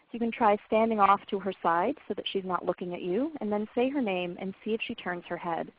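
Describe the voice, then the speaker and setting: A woman presenting a parenting webinar, explaining clearly and encouragingly to parents, in a scripted lecture style. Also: lowish voice. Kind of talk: scripted lecture on language development. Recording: phone-like narrow band webinar audio.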